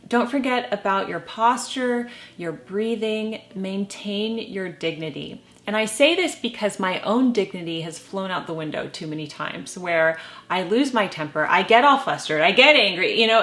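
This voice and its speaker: A middle-aged woman giving lifestyle advice to camera in a calm, measured way with gentle humor. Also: lowish voice. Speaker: lifestyle vlogger. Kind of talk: casual advice talk to camera.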